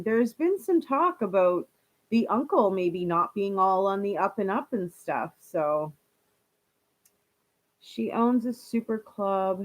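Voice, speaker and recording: A woman chatting casually on a live stream, reading viewer comments aloud and laughing often. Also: medium pitch.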